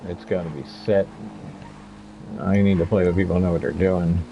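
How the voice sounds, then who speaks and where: A man's voice: low voice, fairly even intonation, a little fast, gravelly, highs cut off, slight background noise. A talkative man in his fifties chatting casually over gameplay as a streamer, rambling from story to story and laughing often. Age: 50s. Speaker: gaming streamer.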